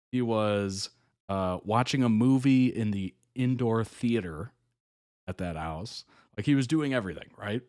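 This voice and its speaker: A man's voice: on the low side, no room sound, studio quality. A man hosting a reaction video, casually retelling a reality show story, chuckling often and acting out other people's lines. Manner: chatty storyteller, chuckles often, quotes people in animated voices.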